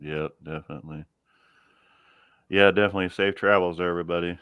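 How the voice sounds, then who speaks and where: A man's voice: sits low, steady tone, a little fast, fairly bright tone, smooth, no room sound. A man hosting a live chat from his garage, easygoing, chuckling often and trailing off mid-sentence. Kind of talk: casual chat.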